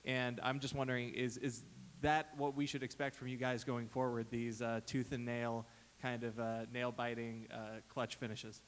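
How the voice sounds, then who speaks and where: A man's voice: mid-range voice, level tone, normal speed, slight background noise. A man asking a long, rambling question at a press conference, full of fillers and restarts. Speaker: reporter. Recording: reverberant hall.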